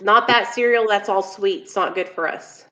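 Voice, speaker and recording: A woman's voice: medium pitch, moderate pace, a bit bright, lo-fi sound. A woman co-hosting a casual live stream and talking to viewers in a chatty way. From American South. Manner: chatty, addresses viewers as y'all. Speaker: co-host.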